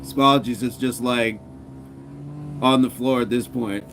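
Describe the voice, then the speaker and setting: A man's voice: mid-range voice, steady tone, takes it slowly, a bit bright, faint music behind. A man hosting a casual live stream, upbeat and laughing often as he reads out viewer comments. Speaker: fitness streamer.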